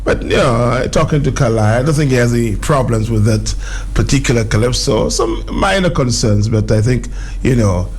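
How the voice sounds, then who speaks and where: A man hosting a call-in radio talk show, bantering quickly with callers and laughing often. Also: mid-range voice, slightly rough.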